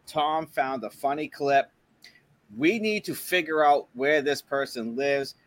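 A man's voice: medium pitch, expressive, measured pace, dry recording. A man co-hosting a podcast, chatting in a crude, profane and enthusiastic way. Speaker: podcast co-host. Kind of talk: crude casual chat.

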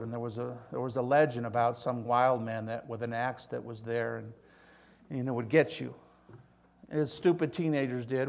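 A man preaching a sermon to his church, telling stories and swinging from loud emphasis to hushed, quiet lines. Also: mid-range voice, gravelly. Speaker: pastor.

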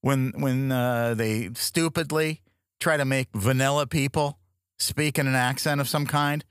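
A man co-hosting a radio show, joking sarcastically and laughing through quick rants. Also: medium pitch, steady tone, clean tone, no echo, clean studio sound. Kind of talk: casual radio banter.

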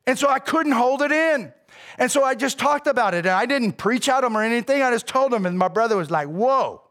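A man preaching a sermon as a pastor, casual and animated, with slang. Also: very high-pitched, quick pace.

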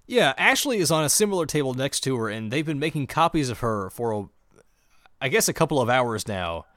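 A man co-hosting a podcast who recaps a TV episode as an animated storyteller, full of mock outrage. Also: mid-range voice, brisk, dry recording, studio quality. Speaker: podcast co-host. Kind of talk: casual episode recap chat.

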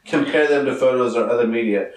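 A man's voice: mid-range voice, fast, roomy sound, recorded from a distance, rough recording. A man co-hosting a podcast, teasing and swearing, with frequent laughter. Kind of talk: casual podcast chat.

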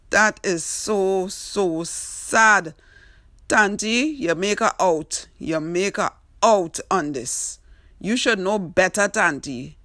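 Slow-talking Trinidadian woman storyteller. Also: mid-range voice, fairly bright tone, dry recording, clean studio sound. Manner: teasing, exclaiming, talks straight to the character. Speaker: storyteller host. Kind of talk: comic storytelling commentary.

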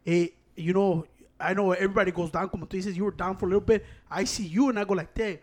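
A young man with a high voice for a man. He talks in loose, rambling casual chat. He swears a lot and drifts back and forth between Spanish and English. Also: steady tone, quick pace.

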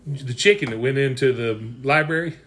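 A man's voice: mid-range voice, brisk, a bit bright. A man telling old jokes in casual chat, folksy and chuckling as he goes.

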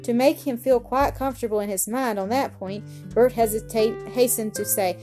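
A woman reads an old story aloud at a steady pace, sometimes stumbling and restarting a word. Her voice sits a bit high. Faint music plays underneath. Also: normal speed, few pauses. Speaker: narrator. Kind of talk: audiobook reading.

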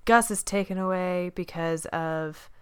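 Playful woman co-host narrating a made-up plot; low-ish, smooth voice, dry sound. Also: measured pace, fairly bright tone, dry recording. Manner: playful storyteller, laughs often. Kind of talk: casual chat.

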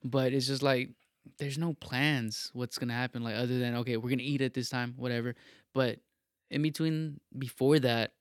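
A man's voice: medium pitch, normal speed, no echo. Young man, laid-back casual talker, mid-range voice, dry sound. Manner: relaxed, rambling, repeats himself. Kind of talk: casual chat.

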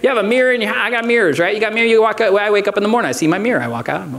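High-voiced preacher in his forties, man. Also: racing. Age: 40s. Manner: animated, rising to shouted declarations; self-mocking humor with asides. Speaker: pastor. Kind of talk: sermon.

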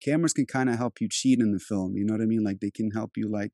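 A man's voice: fairly low pitch, fast talker, mellow, no echo, clean studio sound. A man raised in Europe, an actor, talking in a loose, rambling casual conversation with many restarts. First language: Turkish. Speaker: actor and host.

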